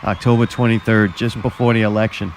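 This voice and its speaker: A man's voice: on the low side, level tone, a little fast, a little hiss or hum. A man hosting a radio talk show, riffing crude jokes and laughing often. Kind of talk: crude comedic banter.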